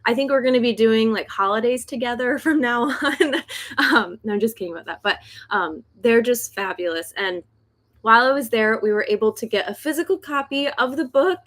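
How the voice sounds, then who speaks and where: A woman's voice: fairly high pitch, brisk, a bit bright. A young adult woman hosting a casual livestream from her home, chatty and a little nervous, laughing often. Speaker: host of a decluttering channel, author. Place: home in South Korea.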